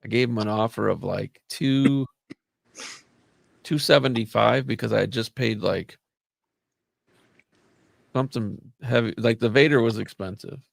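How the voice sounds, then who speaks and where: Gravelly man telling a rambling story. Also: mid-range voice, unhurried, long pauses, no room sound, clean studio sound. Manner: rambling, animated storytelling with cursing. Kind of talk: casual chat.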